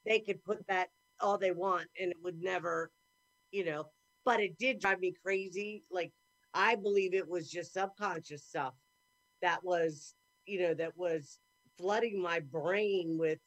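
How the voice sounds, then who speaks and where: A woman hosts a casual podcast chat. She talks in a rambling, earnest way, thinking out loud. Her pitch sits in the middle range. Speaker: podcast host. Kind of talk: casual conversation.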